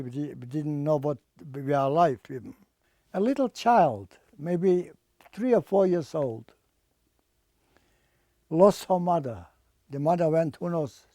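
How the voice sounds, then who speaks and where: Older man, halting survivor testimony, slightly high, mellow voice, dry close sound. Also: no room sound. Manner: halting, repeats words, plain non-native English. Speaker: Holocaust survivor and artist. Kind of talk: personal testimony.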